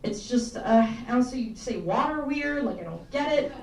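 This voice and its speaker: A woman's voice: on the high side, expressive, moderate pace. Rambling young woman doing stand-up in a roomy space. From Tennessee. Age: young adult. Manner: rambling, self-deprecating, swears often. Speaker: stand-up comedian. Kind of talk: stand-up set. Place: small campus comedy room, live audience. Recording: roomy, mic picked up from a distance with faint ambience.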